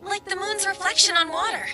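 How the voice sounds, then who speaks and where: A gentle young pianist. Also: female voice, very high-pitched, steady tone, fairly quick. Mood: tender. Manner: soft, tender, reassuring. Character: gentle young female pianist student, caring.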